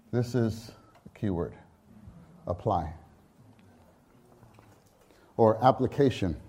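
A man delivers a sermon at an easy, drawn-out pace. He speaks haltingly, restarting phrases, then lifts into fervent emphasis. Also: lowish voice, warm tone, slightly rough. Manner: unhurried, halting, with many restarts and fervent rises. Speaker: preacher. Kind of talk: conference sermon.

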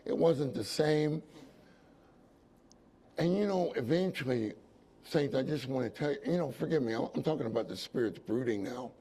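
A man's voice: mid-range voice, lively intonation, normal speed, long pauses, mellow, slightly rough. A man preaching a sermon, telling a personal story with repeated phrases and asides to his congregation. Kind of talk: sermon testimony.

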